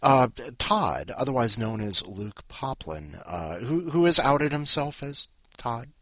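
Husky guy hosting a podcast, rambles and trips over himself, pitch jumps all over, dry sound. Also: very animated, slow pace, a bit bright, no echo. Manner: meandering, self-interrupting, wry asides. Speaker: podcast host. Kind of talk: rambling casual chat.

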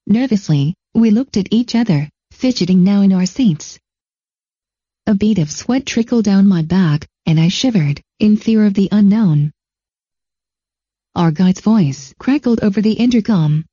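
Dark, husky woman narrating a story. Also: mid-range voice, lively intonation, unhurried, dry recording. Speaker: story reader. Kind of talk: scripted narration. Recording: dull lo-fi dry recording.

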